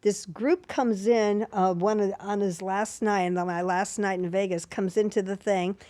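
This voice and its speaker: A woman's voice: medium pitch, fairly even intonation, moderate pace, warm tone, no echo. An older woman, a talent agent guest, reminiscing in a rambling way with fillers and restarts. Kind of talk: casual interview.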